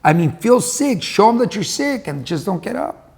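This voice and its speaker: A man's voice: sits high, very animated, moderate pace, vocal fry, a little mellow, pitched above the performer's own voice, full character voice. A man playing a scheming farm donkey. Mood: sly. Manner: conspiratorial advice-giving. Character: crafty, later resentful male donkey.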